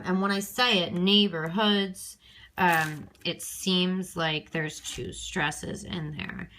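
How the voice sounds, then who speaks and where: A woman's voice: on the low side, fairly bright tone, a little hiss or hum. A woman teacher recording an extra help lesson on her handheld phone, thinking aloud step by step with many ums and okays.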